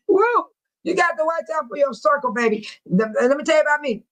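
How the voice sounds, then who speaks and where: A woman's voice: high voice, animated, normal speed, a bit bright, low-quality recording. A woman in her sixties hosting a livestream in casual chat, talking bluntly and telling stories with frequent laughs. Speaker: livestream host speaking to viewers.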